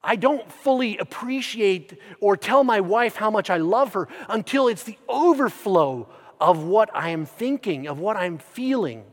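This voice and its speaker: Male preacher, fairly high voice, dramatic loud-to-hushed sermon delivery, long church reverb. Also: lively intonation, measured pace, few pauses. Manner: swings from loud emphatic bursts to hushed near-whispers.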